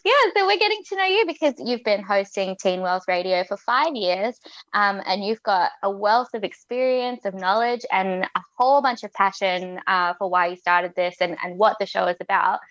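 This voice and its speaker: Fast-chatting woman co-host, dry lo-fi sound. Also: medium pitch, lively intonation, a bit bright, no room sound. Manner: fast, gushing talker. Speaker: co-host, interviewer. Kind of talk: casual interview chat.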